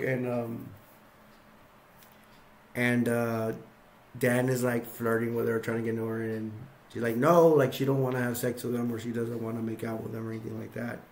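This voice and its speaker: Guy with a raspy gravelly voice recapping a movie, kinda rambly, lots of ums. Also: mid-range voice, a bit bright. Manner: rambling, acts out lines, lots of fillers. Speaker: video reviewer. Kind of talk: casual retelling of movie scenes.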